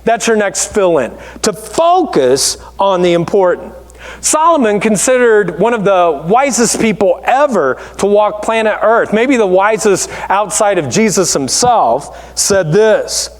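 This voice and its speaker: A male pastor delivers a sermon with a strikingly high voice, telling stories in a lively, conversational way. His words ring out through a big, echoing church hall. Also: takes it slowly. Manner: storytelling, conversational and animated. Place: church sanctuary.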